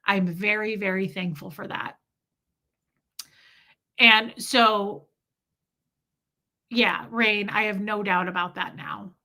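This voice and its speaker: A woman chats candidly to her live viewers in a loose, rambling storytelling style. Her voice is bright and forward. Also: medium pitch, fairly even intonation, slow, pauses often. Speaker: livestream host. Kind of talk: casual storytelling to live chat.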